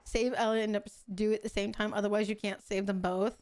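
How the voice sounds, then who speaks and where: A woman's voice: medium pitch, level tone, brisk, darkish tone. A young adult woman streaming a game, talking casually with chat, swearing and laughing in exasperation between affectionate greetings. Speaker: VTuber streamer.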